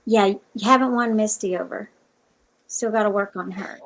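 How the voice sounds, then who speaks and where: A woman's voice: medium pitch, normal speed, rough recording. A woman joining a casual livestream chat, asking questions and teasing.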